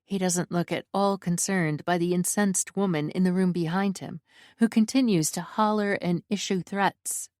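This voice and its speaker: Woman reading a romance audiobook, kinda low voice, dry close mic, wry. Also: steady tone, moderate pace, darkish tone, no room sound. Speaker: audiobook narrator. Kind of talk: first-person romance audiobook narration.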